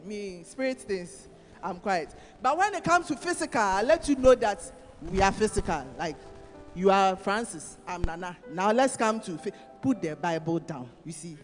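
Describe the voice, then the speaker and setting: A woman with a Ghanaian accent giving a sermon at a conference, teasing and calling on audience members by name. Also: fairly high pitch. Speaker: conference speaker. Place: church hall. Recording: long hall reverb, faint music.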